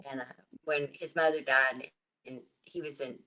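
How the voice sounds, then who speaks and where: A woman's voice: a bass voice, steady tone, moderate pace, sharp tone. An older woman, a grandmother, telling a story in a blunt, repetitive way during a casual chat. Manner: blunt, repeats herself for emphasis. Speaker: stream host.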